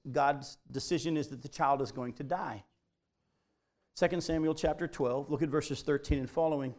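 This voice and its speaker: A man preaching a sermon, animated and emphatic, often stressing his points by repeating them. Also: on the high side. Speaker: pastor.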